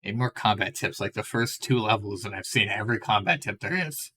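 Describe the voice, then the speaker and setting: A man's voice: lowish voice, brisk, bright, forceful tone. A man giving casual live commentary while playing a video game, thinking aloud as he goes. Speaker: game streamer.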